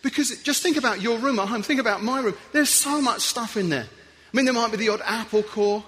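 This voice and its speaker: A man giving a playful, animated talk to an audience as a guest speaker, acting out little scenes as he goes. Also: very high-pitched, fairly quick. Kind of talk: lively motivational talk to an audience.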